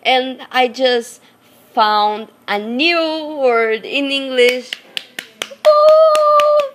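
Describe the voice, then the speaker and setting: A hoarse woman with a Brazilian Portuguese accent, a native Portuguese speaker, chatting casually to her viewers and searching for words in English. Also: high-pitched, fairly even intonation, extremely slow, a bit bright, a little hiss or hum. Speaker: vlogger.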